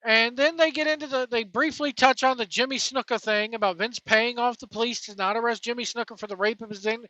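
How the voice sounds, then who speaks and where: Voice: medium pitch, fairly even intonation, a little fast, sharp tone, dry recording, highs cut off. A podcast host giving a casual, opinionated and exasperated review of a wrestling documentary, rambling from point to point.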